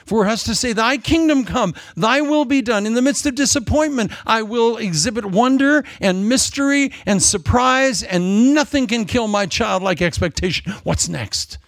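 A man preaching a sermon in a lively, jokey way, acting out quotes in different voices. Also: high-pitched, vocal fry, no room sound, studio quality. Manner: animated, jokey, acts out quotes.

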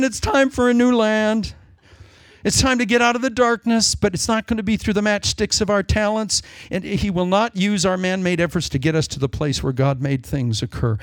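Lively, excitable preaching man. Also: high-pitched, normal speed, no room sound. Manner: excitable, with rambling jokey asides. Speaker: pastor. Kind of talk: sermon.

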